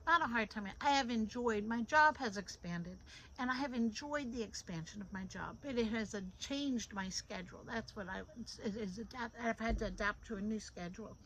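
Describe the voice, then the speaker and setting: A middle-aged woman with a high voice talks informally through a devotional, recorded on a phone. She is lively and repeats phrases for emphasis. A faint hiss sits under her voice. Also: moderate pace, low-quality recording. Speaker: devotional host.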